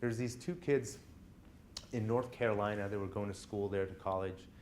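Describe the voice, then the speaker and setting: A man's voice: on the low side, fairly even intonation, normal speed, darkish tone, a little hiss or hum. A man lecturing college students in a classroom, telling personal stories in a conversational way and often checking in with the class.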